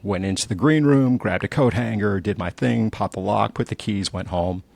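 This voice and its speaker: A man's voice: lowish voice, normal speed, vocal fry. A middle-aged man from New Jersey, an entrepreneur guest telling stories candidly and acting out the quotes. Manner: animated storyteller, acts out quotes. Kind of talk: candid conversational storytelling.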